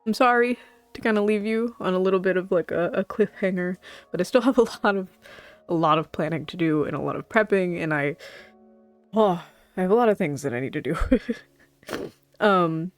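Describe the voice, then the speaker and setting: A woman streaming to her chat, tearful and halting, rambling with nervous laughs between her words. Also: lowish voice, no echo, soft background music. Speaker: VTuber streamer. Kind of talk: emotional livestream talk to chat.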